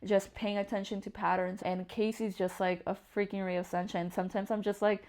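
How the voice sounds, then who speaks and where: A woman's voice: mid-range voice, a little fast. A young woman as an interview guest, candidly telling personal stories and acting out the voices of people in them. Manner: animated, acts out voices in her stories.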